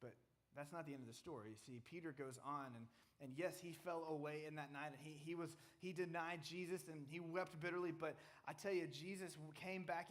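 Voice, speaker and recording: A man preaching a casual sermon, retelling a Bible story conversationally and asking his listeners questions. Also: on the high side. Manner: conversational, restarts, asks the audience questions.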